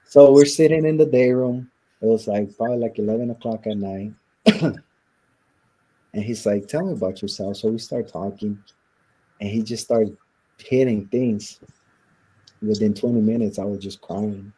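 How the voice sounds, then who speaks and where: A man speaks in a husky, low voice with a dark, mellow tone. He tells his story earnestly and reflectively, slipping into the voices of the people he quotes, at the easy pace of an interview conversation. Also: normal speed, pauses often, poor audio. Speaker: interview guest.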